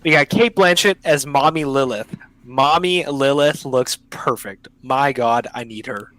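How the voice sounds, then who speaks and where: A young man hosts a casual podcast chat over an online call, enthusiastic and slangy, often cutting himself off mid-sentence. His mid-range voice is a little slow and a bit bright, and the recording is rough with no room sound.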